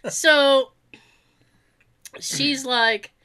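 A woman telling a story in casual chat, animated and profane, often laughing as she talks. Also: sits high, extremely slow.

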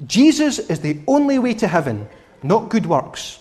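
A man's voice: high voice, moderate pace. A man preaching a children's sermon who asks the children questions and coaxes answers from them. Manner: animated, questioning the children directly. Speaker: preacher giving a children's talk.

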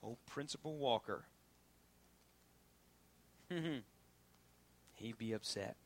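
A man preaching a sermon as pastor, swinging from loud preaching to hushed whispers. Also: medium pitch, very slow.

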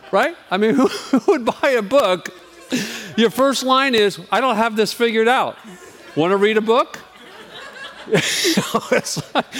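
A man's voice: sits high, fairly bright tone. A male pastor giving an informal, candid sermon, self-deprecating and chatty, often restarting his sentences. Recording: long hall reverb.

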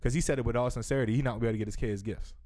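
A man's voice: mid-range voice, steady tone, very fast, a little mellow. A man ranting animatedly in casual podcast chat, self-interrupting and saying "yo" constantly.

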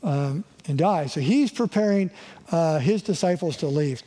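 A man's voice: a little high, expressive, a little slow, dark tone, husky, big-room sound. A middle-aged male pastor giving a conversational sermon, often checking in with the congregation. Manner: conversational, asks the crowd "right?" often. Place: church sanctuary.

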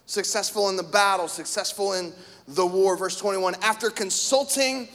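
A man pastor preaching a sermon in a church, animated, swinging from shouts to hushed tones. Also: high-pitched, moderate pace, big-room sound. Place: church hall.

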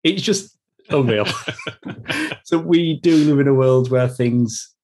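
A man's voice: medium pitch, takes it slowly, a little mellow, slight background noise. An Australian man co-hosting a casual film review podcast, speaking in an opinionated, emphatic way. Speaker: podcast co-host.

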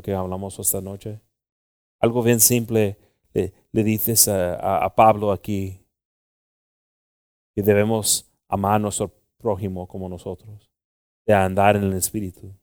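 Low-voiced bilingual pastor, dry sound. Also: male voice, darkish tone, no room sound. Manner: preaching, switches between English and Spanish; pleading prayer with repeated "Lord" and "Jesus". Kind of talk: bilingual sermon and prayer.

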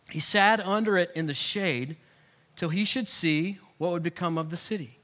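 A male pastor delivers an animated sermon, punching some lines loudly and dropping others to a near whisper. His voice is high and bright, and it cuts through clearly. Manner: animated, swings between loud emphasis and hushed asides.

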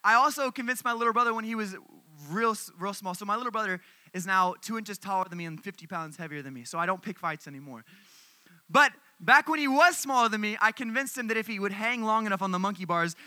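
A young man giving a sermon as a youth speaker, telling animated stories straight to the crowd. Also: high voice, dry recording.

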